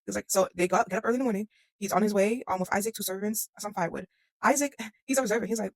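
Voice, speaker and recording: Young adult host explaining scripture episodes, rapid-fire and conversational, slangy asides, dry close sound. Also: medium pitch, no room sound. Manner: chatty, slangy retelling with quoted asides. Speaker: host of a Bible-story series. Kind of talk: casual Bible story explainer.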